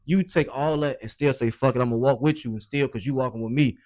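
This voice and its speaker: A man's voice: medium pitch, fast talker, darkish tone. A man hosting a podcast interview, mostly giving short encouraging replies. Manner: supportive, short affirmations. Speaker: podcast host. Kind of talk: casual interview.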